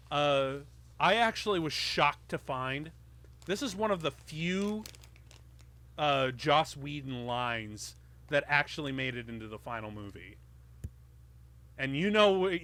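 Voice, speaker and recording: A man hosting a movie commentary podcast, chatting casually and excitedly, swearing and laughing often. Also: medium pitch. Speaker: podcast host.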